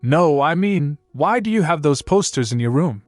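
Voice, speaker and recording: A man voicing a reserved, earnest young noble who answers calmly. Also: a little high, moderate pace, no room sound, soft background music, pitched above the performer's own voice, lightly acted. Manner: calm, reserved replies.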